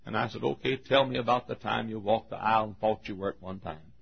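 An older man preaching a sermon, telling a story and acting out the voices, shouting at the high points. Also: fast talker, vocal fry, breathy edge. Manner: animated, acts out voices, shouts at peaks. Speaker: pastor. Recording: muffled lo-fi recording.

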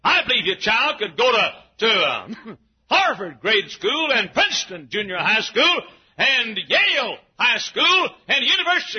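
A man preaching an emphatic sermon in a church, often shouting. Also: very high-pitched, big pitch swings, unhurried. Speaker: pastor. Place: church sanctuary. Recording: dull, husky lo-fi church recording.

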